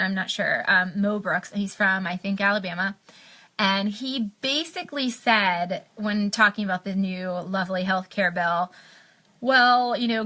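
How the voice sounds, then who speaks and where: Young american woman venting on a live stream, bright punchy voice, lots of ums and restarts. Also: mid-range voice. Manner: impassioned, many fillers and restarts. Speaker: health blogger on a live stream.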